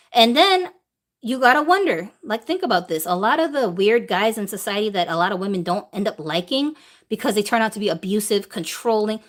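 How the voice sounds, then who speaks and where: A woman's voice: a little high, fairly bright tone. A woman hosting a live viewer Q&A, talking in an emphatic way and throwing out rhetorical questions. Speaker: host answering viewer questions. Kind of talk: live-stream opinion talk.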